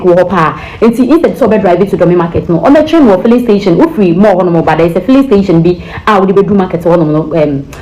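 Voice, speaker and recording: A young Ghanaian woman telling a personal story in an animated way, mixing in pidgin and acting out the dialogue. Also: lowish voice, low-quality recording. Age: young adult.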